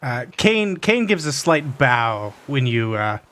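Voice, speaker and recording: A man narrating as game master of a tabletop game, halting often with fillers as he describes the scene. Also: medium pitch, sing-song, fairly bright tone. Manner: hesitant, filler-heavy narration.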